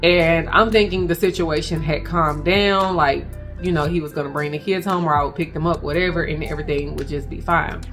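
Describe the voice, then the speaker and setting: A woman recounting a frightening personal experience to her viewers, speaking in halting bursts and addressing them directly. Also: low-pitched, steady tone, a bit bright, soft background music. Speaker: vlogger telling a personal story. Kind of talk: emotional personal storytelling.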